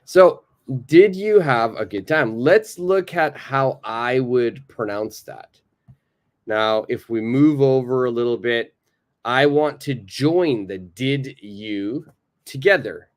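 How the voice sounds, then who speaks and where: A North American man teaching English in a live online lesson. He speaks slowly and patiently, with a mid-range voice, and says phrases over and over for learners to repeat. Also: mid-range voice, expressive.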